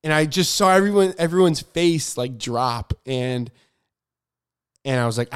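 A man's voice: fairly high pitch, expressive, a little slow, clear, resonant tone. A man hosting a podcast, telling a story in casual chat, rambling with lots of fillers and poking fun at himself. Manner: rambling, filler-heavy, self-deprecating. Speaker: podcast host.

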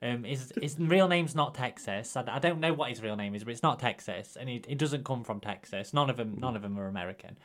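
Deadpan male podcast host, dismissive, hesitant, mid-pitched voice. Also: fairly quick, hardly any pauses. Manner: dry, dismissive, hesitant with ums. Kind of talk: deadpan comedy podcast chat.

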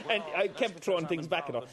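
A man's voice: high-pitched, lively intonation, normal speed. Irish man telling stories, faint music. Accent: Irish, County Kerry. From Ireland. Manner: chatty, anecdotal, fond of quoting voices. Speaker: tribute performer for a famous singer. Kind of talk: storytelling interview.

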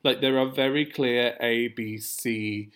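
A man co-hosting a podcast, recapping a TV episode in casual chat, animated and quick to laugh. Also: mid-range voice. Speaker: podcast co-host.

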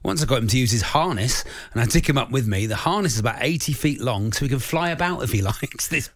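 A man's voice: medium pitch, animated, quick pace, fairly bright tone, no echo. A man co-hosting a radio show, telling stories with frequent chuckles. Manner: chuckling, storytelling banter. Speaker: radio co-host. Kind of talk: casual radio chat.

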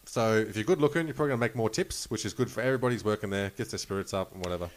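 A man's voice: lowish voice, very fast. A man spinning loose, rambling anecdotes in a podcast chat. He swears freely, restarts sentences and breaks into laughter. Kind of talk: casual storytelling chat.

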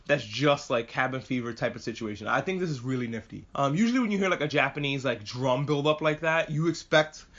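A man chatting casually and excitedly as a podcast host reviewing an anime, swearing freely and rambling. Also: medium pitch, fairly quick, few pauses. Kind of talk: casual chat. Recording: muffled lo-fi audio.

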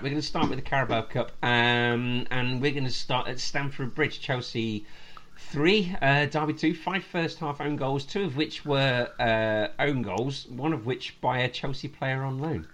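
A man hosts a casual football podcast in a mid-pitched voice. He keeps it jokey and laughs a lot as he runs through the news. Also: normal speed, a bit bright. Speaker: podcast host.

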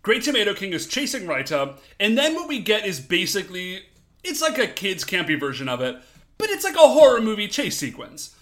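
A man with a high, bright voice talks casually as a podcast co-host, recapping an episode. His pitch swings widely as he acts out quotes and laughs along. The sound is crisp and forward. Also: wildly swooping pitch, brisk.

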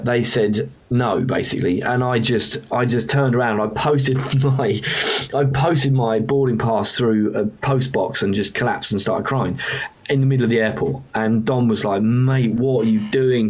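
A man, a musician guest, frankly recounting a hard time in an emotional, casually profane way. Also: medium pitch. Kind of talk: candid storytelling.

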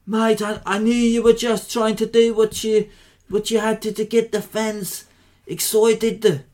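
A man's voice: high voice, flat delivery, unhurried, a little mellow, pitched above the performer's own voice. A man doing an exaggerated South African accent as a friendly male fighter. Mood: conciliatory. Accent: South African, put on.

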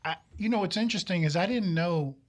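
A man's voice: sits high, quick pace. A middle-aged man from Brooklyn with a Brooklyn accent, telling stories as a guest with real enthusiasm. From Brooklyn, New York. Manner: enthusiastic storyteller. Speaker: guest, television director. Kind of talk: casual studio chat.

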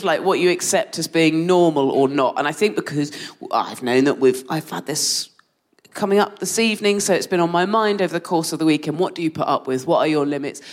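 A woman telling a funny anecdote live on stage, her pitch swooping up and down with lively energy. She laughs through her own story, plays it for comic effect, and keeps a chatty pace. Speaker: podcast co-host.

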